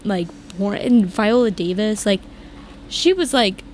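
A young woman co-hosting a casual chat, ranting animatedly with lots of "like" and big jumps in pitch. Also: expressive, unhurried, a little mellow, slight background noise. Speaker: podcast co-host.

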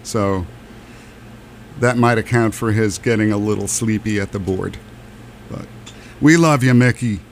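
A longtime band member chats casually, telling playful stories and joking around. His voice is on the low side, unhurried, with frequent pauses and slight background noise.

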